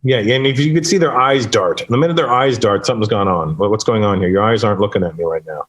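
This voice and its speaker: A man's voice: on the low side, fast talker. A man, a stand-up comedian and the guest, telling stories casually and animatedly and jumping into quoted voices. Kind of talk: casual storytelling in conversation.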